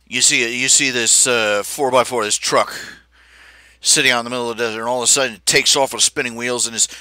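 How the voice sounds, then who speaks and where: A male streamer telling a long-winded anecdote, doubling back on his words and piling on asides. His voice is bright and pushed forward. The sound is close and dry, with no room echo. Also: mid-range voice. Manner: chatty, self-interrupting, animated anecdotes with restarts. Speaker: livestream host. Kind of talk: rambling casual storytelling.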